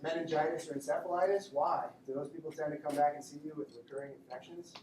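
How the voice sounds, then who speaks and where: A man teaching a classroom lecture in a joking, conversational way, acting out quick exchanges with patients. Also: fairly high pitch, fairly even intonation, a little mellow, distant mic, a little hiss or hum. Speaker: instructor. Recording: echoey classroom recorded from afar.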